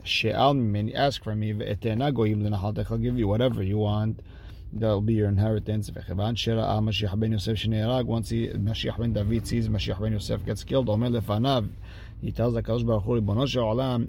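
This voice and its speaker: Gravelly low-voiced man teaching Talmud. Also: a little mellow. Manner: reads the text aloud line by line, then translates it in plain casual speech. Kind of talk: daily Talmud page lesson.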